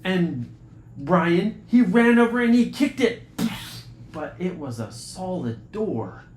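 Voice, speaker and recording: A man's voice: slow pace, soft background music. A man telling an improvised bedtime adventure story to children, jumping into voices for the characters. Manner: animated, jumps into high voices for characters. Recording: echoey room, faint hiss.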